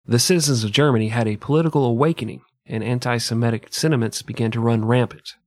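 A man's voice: medium pitch, fairly even intonation, fast, no room sound. Sarcastic man on a dry mic. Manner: joking, sarcastic, swears freely. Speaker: podcast co-host. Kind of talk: casual history podcast chat.

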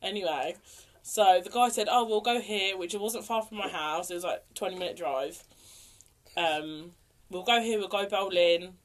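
A woman's voice: medium pitch, normal speed. A young woman co-hosting a casual podcast chat, telling stories and acting out what people said. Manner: chatty storyteller, acts out quotes. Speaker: podcast co-host.

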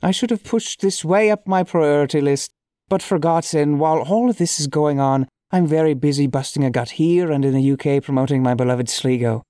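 A man's voice: a little high, brisk, warm tone, no room sound, clean studio sound, lightly acted. A man voicing a prickly male Irish restaurant owner in a comic reading, putting on an Irish accent and sounding sarcastic and mock-polite.

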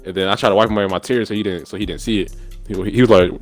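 A man's voice: sits low, racing, faint music behind. A young man telling childhood stories in casual chat, slangy and often laughing. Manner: laughing storyteller, loose slangy talk.

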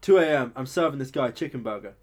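A young man, telling stories in casual chat, sweary and animated, acting out quotes loudly. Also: mid-range voice, fast talker.

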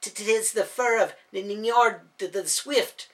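A man's voice: sits high, takes it slowly, fairly bright tone, voice pushed up. A man voicing a nervous, stammering young man in a storybook reading. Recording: voice from a distance off mic.

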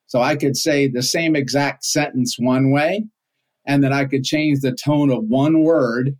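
A man's voice: medium pitch, a little mellow. A man on a podcast, explaining ideas in a conversational way with everyday examples and frequent rhetorical questions. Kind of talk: casual explanatory chat.

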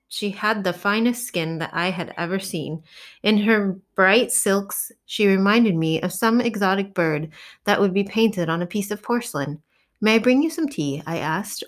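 A woman with a somewhat low voice reads a novel aloud in the first person. Her delivery is measured and expressive, in the style of an audiobook narrator.

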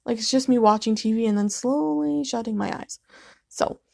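A woman's voice: fairly high pitch, moderate pace, gravelly, darkish tone, dry recording. A young woman hosting a casual solo podcast from her living room late at night, sleepy and yawning, rambling and apologetic, laughing often. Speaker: podcast host.

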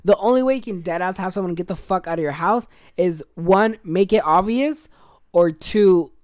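A woman's voice: fairly low pitch, normal speed, darkish tone, no echo. Young woman telling a profane story. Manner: profane, storytelling, acts out quotes. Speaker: podcast co-host. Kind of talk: casual chat.

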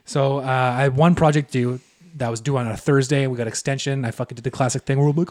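A young adult man co-hosts a podcast, telling rambling, profane stories and laughing often in casual chat. He talks fast in a mid-range voice with a darkish tone.

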